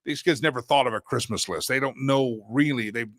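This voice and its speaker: A man's voice: medium pitch, fairly quick, a bit bright, no echo, clean studio sound. A male host giving a casual talk-show monologue, joking and laughing at his own gags, now and then chanting a recurring segment line in a sing-song.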